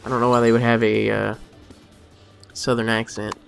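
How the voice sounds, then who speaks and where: A man who works as a car mechanic does let's play commentary on a game, muttering to himself in a wry, exasperated way. His mid-range voice is level and creaky at a moderate pace, with faint music behind.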